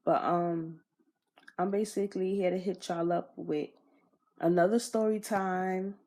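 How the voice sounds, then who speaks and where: Slow-talking slangy young woman vlogger. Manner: animated, slangy, swears, pitch jumps when riled. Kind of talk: casual storytime. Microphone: iPod camera.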